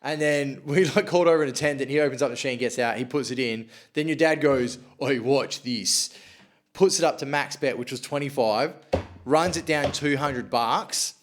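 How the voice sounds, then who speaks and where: A man's voice: medium pitch, fairly quick. Swearing Australian man telling a story. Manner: swears freely, acts out quotes. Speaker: podcast host. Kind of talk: casual storytelling chat.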